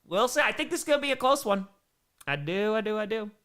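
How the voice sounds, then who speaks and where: A young man hosts a casual live stream, reading chat messages and reacting. His voice sits high and bright and swings widely in pitch, from low mumbled asides to loud, excited bursts. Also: quick pace. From American Midwest.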